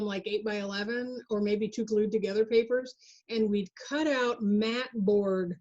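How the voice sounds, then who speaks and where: Chatty woman presenter, mellow voice. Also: on the high side. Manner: chatty, jokey, animated asides. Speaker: workshop presenter. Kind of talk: online workshop lecture. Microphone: video call. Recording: dull lo-fi video call audio.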